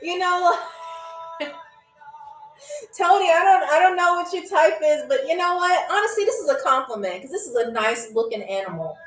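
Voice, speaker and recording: A woman's voice: very high-pitched, expressive, fairly quick, few pauses, fairly bright tone. A woman hosting a live-streamed game show, joking and reading viewer comments, often tagging lines with "okay?" and "all right". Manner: playful, jokey, reads viewer comments aloud. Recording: roomy echo, faint music.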